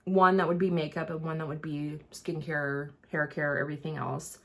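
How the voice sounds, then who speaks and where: A woman vlogger with a low voice chats at normal speed and with flat delivery as she gets ready. She rambles casually, using lots of fillers and restarts, and struggles a little to enunciate.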